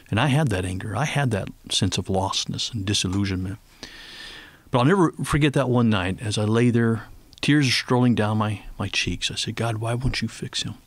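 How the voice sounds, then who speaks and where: A middle-aged man, a ministry leader and guest on a faith radio interview, speaking earnestly and tenderly, slowing down when he prays aloud. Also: medium pitch, dry recording.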